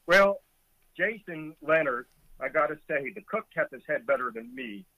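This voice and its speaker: A man's voice: on the high side, animated, measured pace, creaky, no room sound, phone-quality sound. A middle-aged man, a former Coast Guard boatswain's mate, vividly retelling a rescue with chuckles as a guest in a conversation. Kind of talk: storytelling in a conversation.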